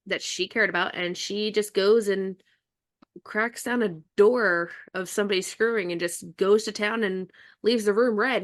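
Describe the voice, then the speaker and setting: A woman author in a casual podcast conversation, bubbly and laughing often, with halting restarts. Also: mid-range voice, fairly bright tone.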